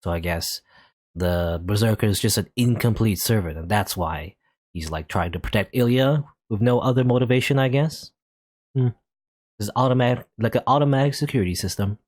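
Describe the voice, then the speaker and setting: A man's voice: fairly low pitch, brisk, a little mellow, no echo. A young man hosting a let's play, reading a visual novel aloud and musing over it, often hedging as he thinks aloud.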